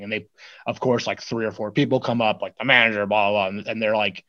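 A man's voice: medium pitch, steady tone, fast, a bit bright, dull audio. A man co-hosting a podcast, telling a long story in a loose, rambling way with lots of filler words. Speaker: podcast co-host. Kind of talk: casual chat.

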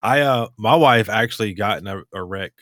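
A man's voice: fairly low pitch, moderate pace, fairly bright tone, dry recording, studio quality. A man hosting a podcast, chatting casually, rambling and laughing easily. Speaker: podcast host. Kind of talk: casual chat.

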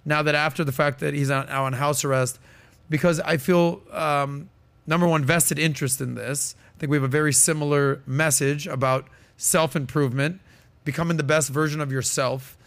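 Speaking at a normal speed, this podcast host has a fairly bright voice on the high side with fairly even intonation. His commentary is casual and emphatic, packed with fillers, and he often quotes and reads aloud.

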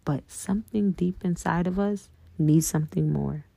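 Gravelly earnest woman podcaster. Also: fairly low pitch, moderate pace, dark tone, no echo. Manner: earnest, profane, addresses listeners as y'all. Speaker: podcast host. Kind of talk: casual spiritual monologue.

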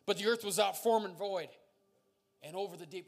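A man preaching with a high, bright-pitched voice, his delivery swinging from quiet asides to loud, fervent declarations. He is a pastor who tells stories from the pulpit and laughs along with them. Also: moderate pace. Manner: emphatic, rising to fervent declarations; jokes and laughs while telling stories. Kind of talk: sermon.

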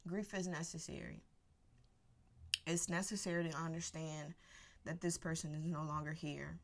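Woman host, low gravelly voice, candid unscripted monologue with slangy emphasis. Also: level tone. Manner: candid, laughs between thoughts, drawn-out emphasis; casual slang, conversational and emphatic.

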